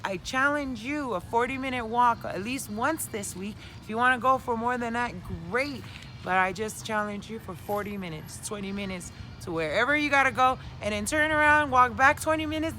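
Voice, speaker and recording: Sharing coping skills in an animated way, a middle-aged woman speaks casually and candidly to the camera outdoors, now and then swearing. Her voice is on the high side at a normal speed, with a little hiss or hum in the recording.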